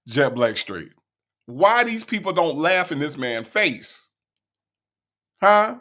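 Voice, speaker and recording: This is a casual commentary from a male online show host whose mid-range, slightly bright voice is very animated and moves at a normal speed. He teases and sounds incredulous as he reacts to a clip, calling out chat names and reading viewer comments.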